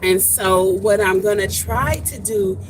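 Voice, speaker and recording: A woman hosting a casual homesteading livestream, chatty and animated, greeting viewers warmly by name. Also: mid-range voice, measured pace, slight background noise.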